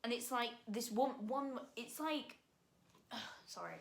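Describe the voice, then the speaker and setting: Here a teen girl vlogs in a loose, meandering way, stopping to restart, sigh and fill gaps. She speaks a little fast at a fairly high pitch, recorded with a roomy echo.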